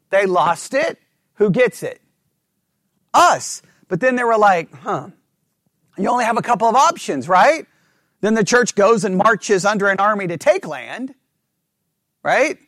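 A man leading a Bible study class, reading scripture aloud slowly and checking in with the group with frequent questions. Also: high-pitched, a bit bright, no room sound, clean studio sound.

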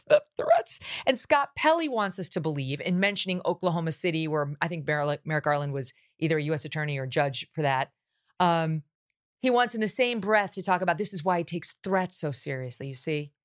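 A woman's voice: deep voice, animated, quick pace. A woman hosting a political talk show, talking with sarcasm and mocking asides. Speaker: host.

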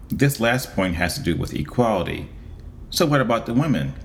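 A man giving a casual, wry monologue as a vlogger, with deliberate pauses. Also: deep voice, a little hiss or hum.

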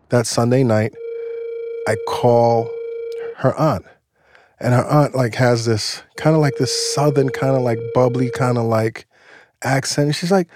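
A man telling a personal story in a casual, animated way, swearing now and then and acting out what people said. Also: medium pitch, a little slow, noisy background. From United States. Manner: animated, swears, acts out quotes. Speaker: guest storyteller.

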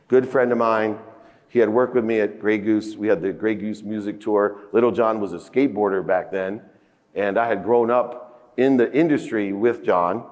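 A man's voice: lowish voice, fairly even intonation, normal speed, darkish tone. A man giving a motivational keynote on a conference stage, telling stories emphatically and acting out dialogue with rising outbursts. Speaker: keynote speaker. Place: large conference hall stage. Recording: long reverb of a conference hall.

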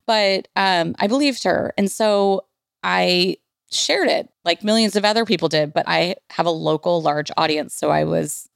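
Podcast host, woman, 30s, candid confessional storyteller, low gravelly voice, dry close recording. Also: a little slow, no echo. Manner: candid, swears freely, many "like" fillers.

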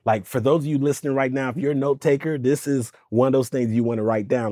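A man telling a personal story on a podcast, animated and lively, slipping into voices for the people in it. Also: mid-range voice, fast talker, hardly any pauses, no echo, studio quality. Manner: lively, does voices for people in his stories, stammers when excited. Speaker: podcast guest, speaking coach. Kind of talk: animated storytelling in casual interview.

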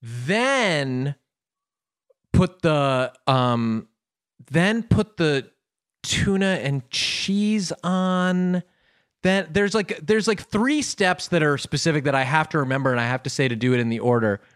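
Halting, self-deprecating man on a podcast. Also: fairly high pitch, animated, clean tone, no room sound, clean studio sound. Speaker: podcast guest. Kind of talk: casual comedic chat.

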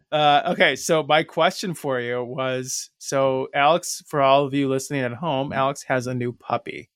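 A man's voice: mid-range voice, measured pace, a bit bright, no echo, studio quality. A man co-hosting a podcast, chatting loosely and telling rambling stories full of filler words. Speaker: podcast co-host. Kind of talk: casual chat.

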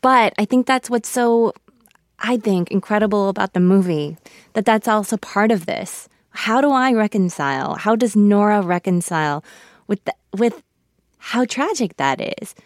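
A woman actor in her thirties being interviewed on radio, thoughtful and halting with soft laughs, close to tears. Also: mid-range voice, lively intonation, no room sound. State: emotional, near tears.

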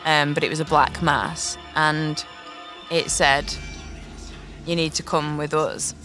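A woman in her thirties tells a deeply personal story in an earnest, reflective way. Short nervous laughs slip in between her words. Music plays clearly underneath her voice. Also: little pitch movement, slow pace, sharp tone. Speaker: podcast host.

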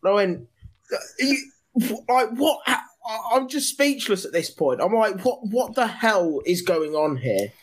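English guy telling a funny story, keeps laughing, swears a lot, voice on the higher side. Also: big pitch swings, a little slow. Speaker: podcast host telling a story. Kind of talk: casual anecdote.

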